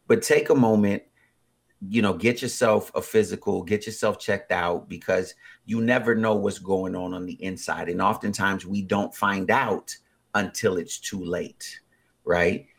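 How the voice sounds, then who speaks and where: A man in his forties with a husky voice, chatting casually as a podcast co-host, rambling with many fillers and animated bursts. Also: low voice, measured pace. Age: 40s. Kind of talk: casual chat.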